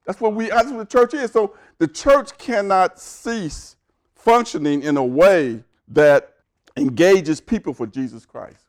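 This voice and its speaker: A man's voice: sits high, lively intonation, measured pace. A man preaching a sermon with emphasis, his voice climbing as he builds a point. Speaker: pastor.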